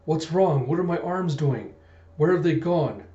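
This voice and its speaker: A man's voice: a little high, animated, unhurried, warm tone, reverberant, recorded from a distance, highs cut off. A man reading a dying cyborg champion's thoughts. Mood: bewildered.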